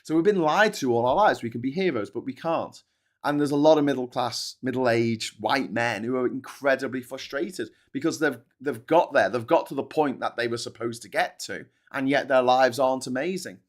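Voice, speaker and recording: A man's voice: mid-range voice, normal speed. A man hosting a live stream who rants and swears as he reads out viewer comments. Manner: ranting, sweary, animated. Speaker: host.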